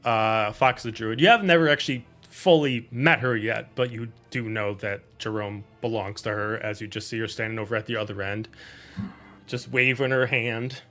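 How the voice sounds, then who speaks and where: A man's voice: fairly low pitch, steady tone, normal speed, bright, forceful tone. A man narrating as game master in a loose, filler-heavy way.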